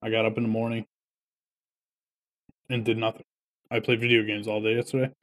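A man's voice: on the low side, flat delivery, a little fast. A man in casual podcast chat with a laid-back, wry way of talking.

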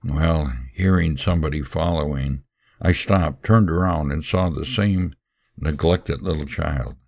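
Very deep, gravelly male storyteller. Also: a little mellow, no echo, studio quality. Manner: earnest, unhurried, with occasional fillers. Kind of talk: first-person story reading with sermon-like asides.

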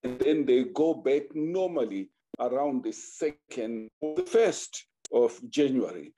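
A man's voice: mid-range voice, sing-song, a little slow, warm tone. A man telling a folk tale aloud, acting out the characters with animation. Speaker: storyteller. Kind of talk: oral folk storytelling.

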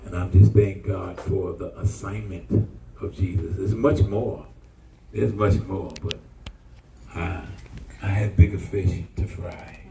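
A man's voice: deep voice, steady tone, slow pace, creaky, a little hiss or hum. An older man preaching a sermon as pastor, colloquial and emphatic, with call-and-response lines to the congregation. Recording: echoey room with loud guitar music.

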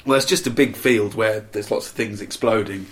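A man's voice: on the low side, fairly quick. A man co-hosting a casual chat about old pop charts, joking around and laughing a lot. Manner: jokey, puts on silly accents and laughs a lot.

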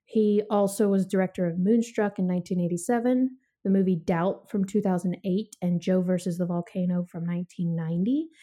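A woman's voice: on the low side, fairly even intonation, fairly quick, few pauses, dark tone. A woman hosting a casual movie podcast, chatty and laughing often, reading a film synopsis aloud. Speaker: podcast host. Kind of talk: casual movie review chat.

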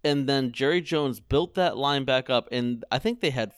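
A young man hosting a casual sports chat podcast, animated and jokey as he tells stories. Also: medium pitch, moderate pace, clean tone, no room sound, clean studio sound. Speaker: podcast host. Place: home room with TV on behind.

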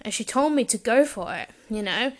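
A young woman tells a personal story. Her voice sits a little on the high side, and she tells it with open, gushing emotion. Laughter keeps slipping into her telling. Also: animated, normal speed.

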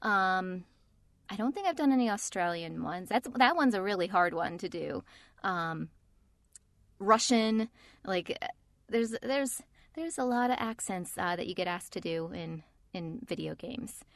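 A woman voice actor in casual chat, telling stories in a lively, animated way. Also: medium pitch, measured pace, dry recording, studio quality. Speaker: voice actor, podcast co-host.

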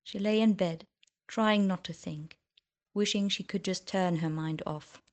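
A woman reading fiction aloud as audiobook narrator, measured and subdued. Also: lowish voice, a little mellow.

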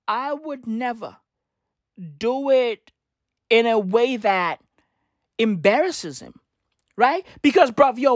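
A woman's voice: fairly high pitch, no room sound, clean studio sound. A woman delivering a comedic sports rant in slangy, profane, repetitive street talk.

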